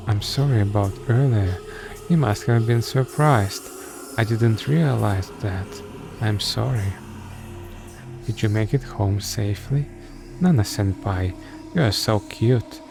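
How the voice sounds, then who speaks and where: A man reading the messages of an obsessive young woman who clings to her co-worker, in a slow and even voice, with game music playing behind. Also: lowish voice, creaky. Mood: clingy. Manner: reads text messages slowly and evenly.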